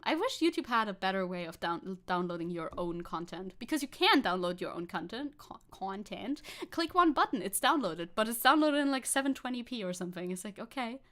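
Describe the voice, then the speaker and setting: A woman streamer chatting casually on a live stream, sarcastic and quick to swear, with laughing asides. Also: mid-range voice, a bit bright. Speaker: VTuber streamer.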